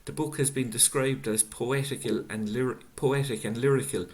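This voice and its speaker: A middle-aged man interviewing an author and reading out audience questions, speaking in an unhurried, reflective way over a video call. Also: mid-range voice, steady tone. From Ireland. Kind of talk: casual book-event conversation.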